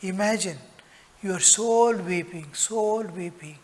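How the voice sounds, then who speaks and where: A man giving a spiritual discourse as a monk teacher, earnest and slow, at times dropping into a whisper. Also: high voice. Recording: long hall reverb.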